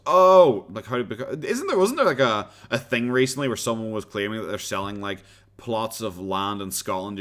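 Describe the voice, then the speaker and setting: A man's voice: fairly low pitch, fairly bright tone. An Irish man streaming live, chatting casually and reading out viewer comments in a rambling, self-interrupting way, often laughing. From Ireland.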